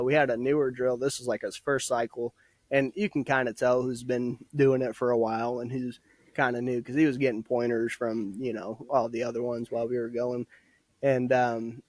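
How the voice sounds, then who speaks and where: A young man in his twenties, a podcast guest, chatting in an easygoing, profane storytelling style with frequent laughs. His voice sits at an ordinary middle pitch. The recording is dry and close, with no room echo. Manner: laid-back, swears a lot, laughs often. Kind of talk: casual storytelling. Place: podcast studio.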